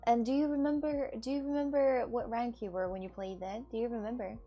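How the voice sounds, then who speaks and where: A woman's voice: fairly high pitch, fairly even intonation, fairly quick, lo-fi sound, faint music behind. A young woman livestreaming, chatting casually with her viewers and often repeating herself. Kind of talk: casual chat with live viewers.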